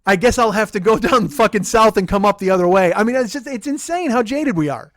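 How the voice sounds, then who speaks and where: A comedian in his forties hosts his podcast with a sarcastic, profane storytelling manner. His voice sits high and his words tumble out fast, close on a dry mic with no room sound. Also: expressive, no echo. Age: 40s. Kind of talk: comic storytelling monologue.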